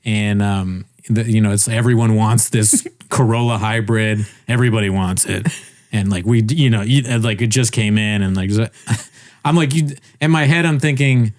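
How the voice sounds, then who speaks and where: A man on a casual podcast telling a story with animated, swearing delivery, laughing often and acting out the people he quotes. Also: on the low side, moderate pace. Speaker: podcast co-host. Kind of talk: casual chat.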